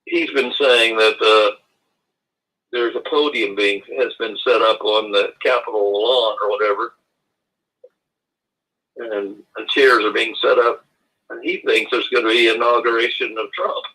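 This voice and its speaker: A man calling in to a casual chat show, halting and repeating himself, with religious turns of phrase, heard over lo-fi call audio. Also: fairly low pitch, fairly even intonation, bright, forceful tone. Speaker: guest.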